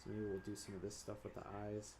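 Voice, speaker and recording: A man's voice: on the low side, completely flat delivery, quick pace, mellow, slight background noise. Rambling, playful man chatting while drawing. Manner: rambling, playful, sings silly made-up ditties. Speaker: artist streaming his drawing. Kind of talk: casual livestream chat while drawing. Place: home studio at a drawing desk.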